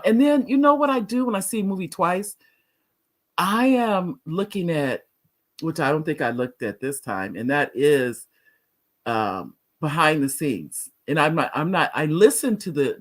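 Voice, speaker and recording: Chatty woman host with a lively voice. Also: low-pitched. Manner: chatty, laughs often, restarts sentences. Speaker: talk show host. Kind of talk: casual live-stream chat reading viewer comments.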